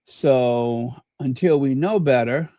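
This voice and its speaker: A man's voice: mid-range voice, slow pace, mellow, no echo. A man hosting a casual livestream, rambling with many fillers and reading viewer comments aloud. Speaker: channel host.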